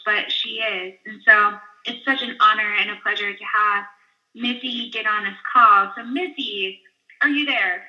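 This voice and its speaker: A woman's voice: medium pitch, fairly even intonation, unhurried, bright, forceful tone, lo-fi sound. A woman hosting a fitness team webinar, talking in an upbeat, gushing, casual way. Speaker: webinar host, team leader. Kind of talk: enthusiastic casual webinar talk.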